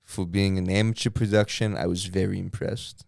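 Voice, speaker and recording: A man co-hosting a casual podcast, dropping deadpan wisecracks and spinning mock-formal tall tales. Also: low-pitched, normal speed, vocal fry, no echo, clean studio sound. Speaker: podcast co-host. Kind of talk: casual chat.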